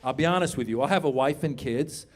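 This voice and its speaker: A stand-up comic in his fifties plays to a club audience at a quick pace in a mid-range voice, loud and animated throughout and hollering his punchlines.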